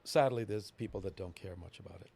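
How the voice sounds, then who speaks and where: A male panelist with a lowish, gravelly voice, weighing in bluntly on local politics in casual conversation. His remarks are short and to the point. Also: fast talker, warm tone, a little hiss or hum. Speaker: podcast panelist.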